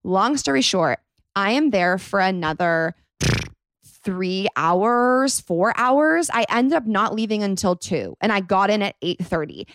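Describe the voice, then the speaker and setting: A young woman in her twenties hosting a podcast, telling a rambling, animated story full of "like.". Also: mid-range voice, a little slow, dry recording, clean studio sound. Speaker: podcast host. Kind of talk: casual storytime monologue.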